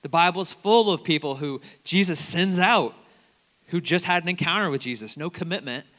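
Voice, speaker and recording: A man preaching a sermon, telling stories animatedly and swinging between loud bursts and hushed asides. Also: a little high, normal speed, long reverb tail.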